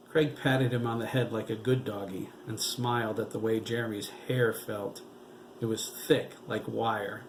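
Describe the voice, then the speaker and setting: A man narrating a novel aloud in a steady storytelling voice. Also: fairly low pitch, a little hiss or hum, low-quality recording. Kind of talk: audiobook reading.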